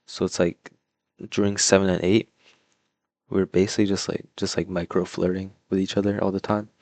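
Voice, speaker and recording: A young man tells a personal story in a deep, monotone voice. He meanders, leaning on "like" and "um", half-distracted by a puzzle. The sound is dry and close. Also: fairly quick, no echo. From Toronto, Canada. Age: young adult. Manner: rambling, filler-heavy, lots of "like" and "um"; laid-back, mumbling asides while doing a puzzle. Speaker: vlogger. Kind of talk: casual storytelling.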